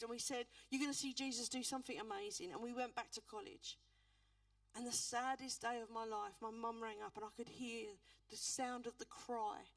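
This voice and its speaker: A woman pastor with a bright, high voice gives an earnest personal testimony that swells into fervent preaching. She sits a fair way from the microphone, yet the sound stays dry with little room echo. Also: vocal fry, recorded from a distance. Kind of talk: testimony sermon. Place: church.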